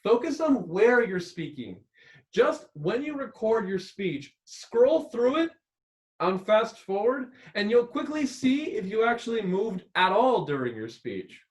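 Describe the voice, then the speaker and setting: A man lecturing as a public speaking instructor who keeps shifting his volume and tone to sound expressive. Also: sits high, unhurried. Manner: expressive, constantly varying volume and tone. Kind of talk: recorded lecture. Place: rented room used as a classroom. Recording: echoey room.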